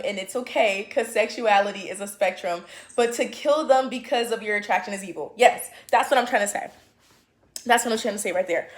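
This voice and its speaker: Chatty opinionated woman in echoey room. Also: mid-range voice. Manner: chatty, opinionated, many fillers and restarts. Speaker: vlogger. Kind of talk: casual opinion chat to camera.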